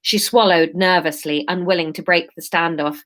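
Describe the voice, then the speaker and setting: A woman's voice: lowish voice, steady tone, normal speed, fairly bright tone. A woman in her thirties reading her story aloud on a livestream, breaking off into chatty, self-mocking asides. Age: 30s.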